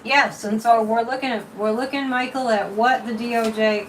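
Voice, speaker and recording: A woman with a slightly high voice hosts a psychic livestream, chatting casually and opinionatedly as she reads comments and pulls cards. She sits a bit back from the mic, and a faint hum of room noise sits under her voice. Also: moderate pace, few pauses, recorded from a distance, low-quality recording. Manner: chatty, opinionated, lively swings in pitch and loudness.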